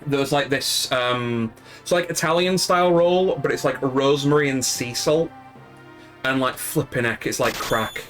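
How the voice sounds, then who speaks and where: A man's voice: medium pitch, normal speed, a bit bright, faint music behind. Chatty Yorkshire man streaming. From Yorkshire, north of England. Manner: rambling, friendly, many fillers and restarts. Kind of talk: casual chat with live viewers.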